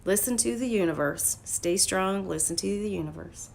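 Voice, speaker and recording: A woman coaching live from her phone in a voice of middling pitch. She talks bluntly, swears freely and now and then jumps into loud, emphatic outbursts. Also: moderate pace, vocal fry, a little hiss or hum. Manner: blunt and profane, swings into loud emphatic bursts. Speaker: life coach. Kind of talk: casual motivational livestream talk. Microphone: phone livestream.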